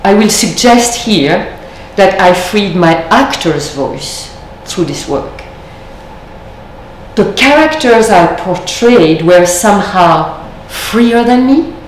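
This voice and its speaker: A woman with an animated, mid-range voice, whose first language is French, lectures in an echoey room where faint background noise can be heard. Her delivery is thoughtful and measured, marked by deliberate pauses.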